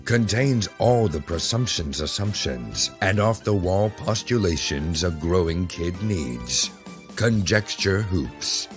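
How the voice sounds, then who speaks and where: A man reads a mock cereal commercial in a very deep voice. He drawls each line slowly in an announcer's cadence, with music playing clearly behind him. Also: animated. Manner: slow, deep announcer delivery. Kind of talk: mock ad voice-over.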